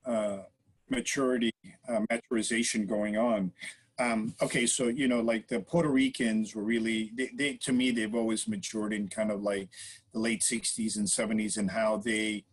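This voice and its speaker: A man with a husky, slightly breathy voice talks through his points as a podcast guest. He explains in an earnest, casual way and keeps asking "right?" to draw the listener along. His pitch sits in a middle range for a man. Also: moderate pace, rough recording. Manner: earnest, explanatory, frequent "right?" and "you know" tags. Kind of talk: casual interview talk.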